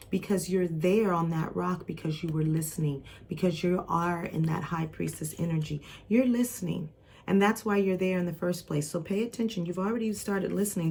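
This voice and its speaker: A tarot reader with a low, dark voice gives a casual spiritual reading, addressing the viewer directly with reassurance and encouragement. She rambles, restarting often and leaning on fillers.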